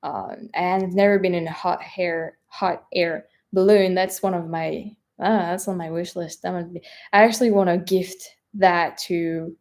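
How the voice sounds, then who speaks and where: A woman's voice: fairly low pitch, steady tone, a little slow, hardly any pauses. A young woman with a French accent, chatting casually on a live stream, with a hesitant manner and lots of fillers. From France. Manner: hesitant, many fillers, soft trailing asides. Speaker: travel vlogger. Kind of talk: live stream chat reading viewer questions.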